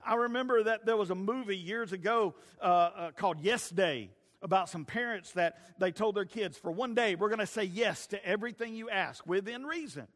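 High-voiced preacher in a hall. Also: male voice, normal speed, hardly any pauses, fairly bright tone. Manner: folksy, storytelling, stumbling restarts. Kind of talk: sermon with personal stories. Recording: long reverb of a large hall.

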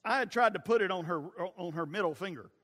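High-voiced preacher in a hall. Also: male voice, quick pace, a bit bright. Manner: folksy, storytelling, stumbling restarts. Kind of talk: sermon with personal stories. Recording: long reverb of a large hall.

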